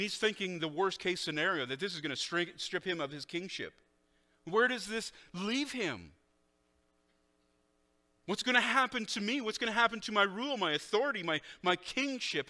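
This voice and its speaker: A man's voice: high voice, bright, forceful tone, long reverb tail. A male pastor preaching a sermon in a conversational way, often restarting his sentences and acting out what people in the story said. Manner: conversational preaching with frequent restarts and acted quotes.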